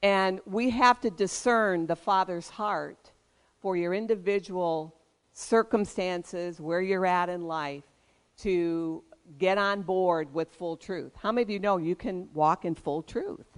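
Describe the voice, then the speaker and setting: Smooth-voiced preacher calling out to a congregation. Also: medium pitch, slow. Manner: emphatic preaching with call-and-response. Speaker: pastor. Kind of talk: sermon.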